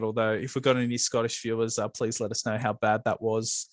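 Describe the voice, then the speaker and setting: A man's voice: lowish voice, a little fast, dry recording. An Australian man co-hosting a casual football chat show, talking loosely with plenty of fillers and restarts. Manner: relaxed, hesitant with fillers. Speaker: co-host.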